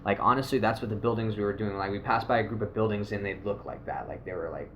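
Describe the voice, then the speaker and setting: A man casually telling a rambling, animated story, swearing often and acting out what people said. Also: fairly low pitch, fast, slight background noise. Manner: rambling, animated, swears a lot, acts out quotes. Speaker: video host.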